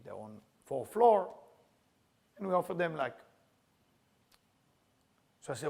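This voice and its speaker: Gravelly Israeli-accented male teacher. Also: on the high side, measured pace, long pauses. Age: middle-aged. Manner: animated, acts out dialogue, loud bursts. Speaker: Kabbalah teacher. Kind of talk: storytelling lesson.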